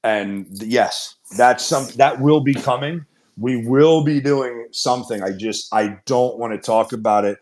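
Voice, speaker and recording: A man's voice: mid-range voice, unhurried, a little mellow, slight background noise. A man, a company executive, hosting a casual shareholder Q&A and talking in earnest, upbeat run-on sentences with frequent restarts. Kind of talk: casual conference-call Q&A.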